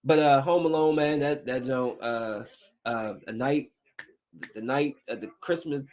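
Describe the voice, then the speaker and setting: A man's voice: mid-range voice, steady tone, measured pace, darkish tone. A man hosting a casual solo podcast, rambling and laughing as he talks to viewers. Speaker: podcast host.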